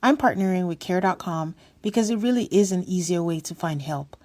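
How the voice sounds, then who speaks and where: A woman reading a scripted sponsor ad in a smooth, even promotional delivery. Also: fairly low pitch, a little fast. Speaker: ad reader.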